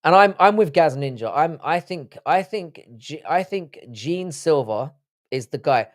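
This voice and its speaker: A young man hosts a casual livestream, ranting and cursing in a riled-up way. His voice sits a touch higher than most men's. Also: expressive, measured pace. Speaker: livestream host. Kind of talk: live-stream chat reading comments.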